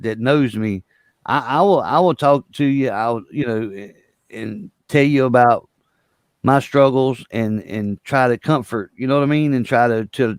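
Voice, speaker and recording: A man with a Southern US accent talks on a live panel, rambling and heartfelt, full of fillers. His voice sits at an ordinary pitch. The sound is dry and close. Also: no room sound. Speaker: panel guest. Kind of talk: casual chat.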